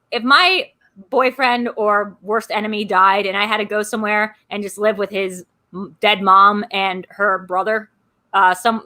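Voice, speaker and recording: A woman hosting a live stream, chatting casually and ranting in quick asides. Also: medium pitch, bright, forceful tone. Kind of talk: casual chat.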